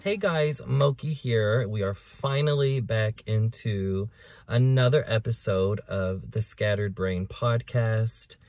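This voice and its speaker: A man's voice: lowish voice, slow pace, darkish tone, dry recording, studio quality, faint music behind. A man hosting his own podcast, talking candidly and emotionally in a rambling, profane way. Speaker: podcast host. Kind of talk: casual personal podcast monologue.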